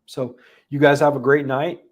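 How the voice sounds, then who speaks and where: A man hosting a livestream recap, talking unscripted, halting and emotional with many restarts, audibly holding back tears. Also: mid-range voice, level tone. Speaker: livestream host giving a daily recap.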